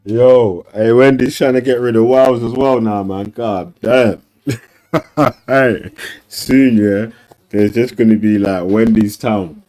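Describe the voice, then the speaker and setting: A man with a dark, low voice jokes loudly in slangy banter. He talks slowly and drawls. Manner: loud, joking, slangy. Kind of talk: casual banter.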